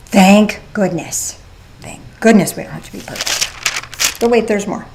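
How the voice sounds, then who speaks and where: A woman's voice: sits high, darkish tone. Woman preaching a chatty sermon. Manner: conversational, with playful asides and rhetorical questions. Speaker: pastor. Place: church service.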